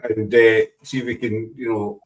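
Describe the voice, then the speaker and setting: A man's voice: fairly low pitch, flat delivery, normal speed. A man with a Scottish accent hosting a podcast in a teasing, playful, chatty way. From Scotland. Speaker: podcast host. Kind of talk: casual chat. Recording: voice distant from the mic.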